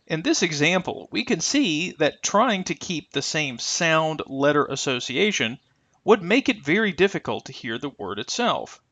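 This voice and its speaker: Lively-voiced man teaching pronunciation. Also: fairly high pitch, no room sound. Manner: careful, deliberate, stretches example sounds. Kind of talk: scripted instructional narration.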